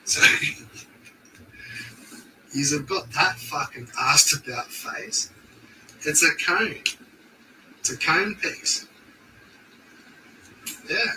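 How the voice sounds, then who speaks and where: A man's voice: on the high side, expressive, extremely slow, pauses often, sharp tone, far from the mic, slight background noise, rough recording. A young Australian man chatting casually on a stream, laid-back and swearing constantly in slang.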